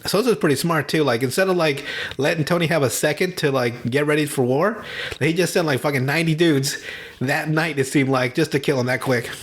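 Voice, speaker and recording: Brief: male podcast host, slightly high voice, swears a lot, laughs through his stories. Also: fairly quick, slight background noise. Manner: profane, laughing, animated storytelling. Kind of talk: casual chat retelling movies.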